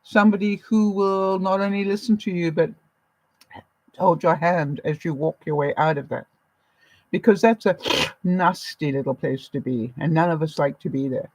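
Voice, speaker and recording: A Canadian woman hosting a live vlog gives her viewers an encouraging, motherly pep talk. Her voice is fairly low and darkish, at a moderate pace. The recording is rough, with no room sound.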